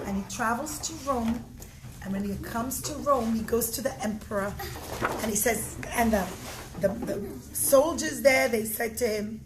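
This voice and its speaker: A woman telling a story to children, animated, often calling out to them. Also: on the high side. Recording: echoey room with steady noise.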